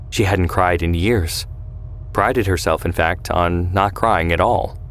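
A man narrating a scripted historical drama in a calm storytelling manner. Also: low voice.

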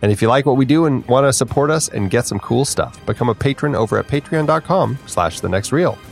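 A man co-hosting a podcast in casual chat, animated and often laughing, with a precise streak for details. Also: medium pitch, a little fast, gravelly, faint music behind. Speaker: podcast co-host.

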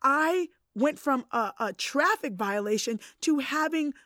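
A middle-aged woman telling a personal story in casual conversation, animated and acting out the voices of others. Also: high voice, unhurried, dry recording, studio quality.

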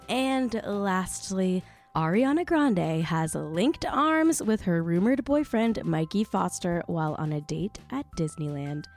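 Gossipy woman hosting celebrity news. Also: fairly low pitch. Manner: gossipy, animated asides, lots of "like". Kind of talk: chatty celebrity news recap.

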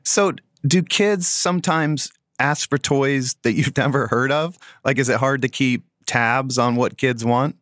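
A male interviewer with a mid-pitched voice, recorded dry and close. He asks curious, prodding follow-up questions in a relaxed, conversational way. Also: unhurried, few pauses, no echo.

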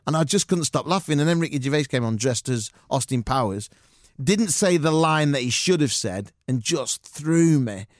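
A man's voice: fairly high pitch, moderate pace, dry recording, clean studio sound. A man, a guest telling showbiz anecdotes in a casual interview, acting out other people's lines as he goes. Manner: animated anecdotes with quoted voices and laughter.

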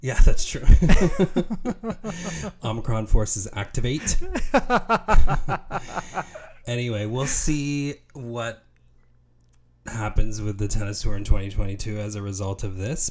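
Chatty, low-voiced male podcast host. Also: fairly even intonation, slow, darkish tone, slight background noise. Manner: chatty, laughs often. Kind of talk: casual chat.

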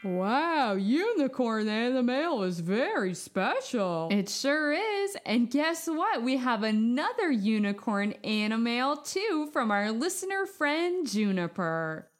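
Playful, high-voiced woman hosting a kids' show. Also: slow, few pauses. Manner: playful and expressive, acts out jokes. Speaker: children's podcast host. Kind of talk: storytelling and jokes for children.

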